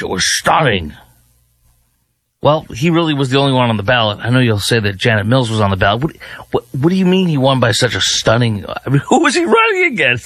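A man's voice: medium pitch, a bit bright, dry recording. A man hosting a morning talk radio show as a fill-in, with a sarcastic, rambling, opinionated delivery. His voice sounds dry and close to the microphone, with a faint music bed underneath. He mocks the subject as he rambles on.

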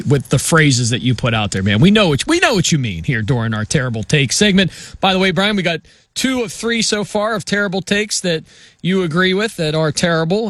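A man's voice: fairly high pitch, a bit bright, dry recording. A man hosting a sports radio show, running a segment in an upbeat, joking way. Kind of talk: casual sports talk.

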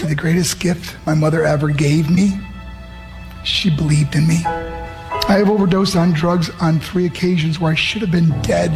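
A man's voice: on the high side, fairly even intonation, measured pace. A middle-aged man, a former wrestler giving an earnest, emotional motivational talk and acting out the voices of the people in his story. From United States. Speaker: motivational speaker. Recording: music underneath.

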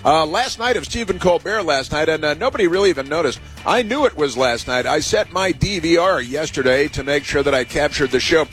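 A man from the United States hosting a call-in radio show, talking in a rambling and sarcastic way with many filler pauses. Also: a little high, lively intonation, fairly bright tone, soft background music. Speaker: radio talk show host.

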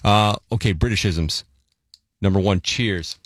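A man hosting a morning radio show, chatting playfully with quick asides. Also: lowish voice, a bit bright, no room sound. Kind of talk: casual radio chat. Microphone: studio microphone.

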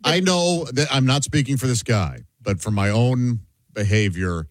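A man's voice: mid-range voice, moderate pace, no echo, clean studio sound. A male radio host chatting candidly and self-deprecatingly with callers and co-hosts. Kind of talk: casual studio banter.

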